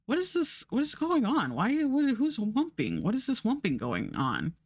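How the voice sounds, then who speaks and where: A woman's voice: on the high side, wildly swooping pitch, moderate pace, no room sound, clean studio sound, exaggerated voice. A woman voicing a startled, jittery man stuck in traffic, with flustered, stammering exclamations. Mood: panicked.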